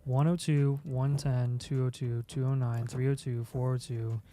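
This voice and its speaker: A man co-hosting a relaxed livestream, playful and given to dry little quips. He has the hiccups as he reads out draft picks. His voice sits in the middle of the male range. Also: medium pitch, normal speed. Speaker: livestream co-host. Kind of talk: casual livestream chat.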